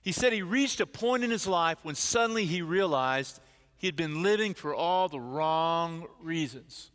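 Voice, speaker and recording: A man preaching a sermon as a pastor, telling a story with lively shifts and acting out quoted voices. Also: on the high side, measured pace. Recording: reverberant church hall.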